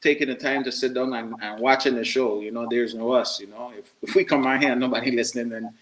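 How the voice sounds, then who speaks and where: A man's voice: medium pitch, steady tone, quick pace, poor audio. A man from Saint Croix hosting a podcast, talking in an easygoing way. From Saint Croix, U.S. Virgin Islands. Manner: easygoing, full of fillers and restarts. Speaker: podcast host. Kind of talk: casual chat.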